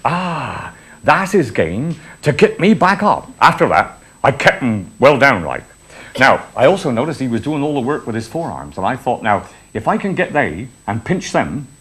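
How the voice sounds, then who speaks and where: In broad dialect and with occasional chuckles, a man tells an old reminiscence like a folk tale. His voice is fairly high and fairly bright, with a breathy edge.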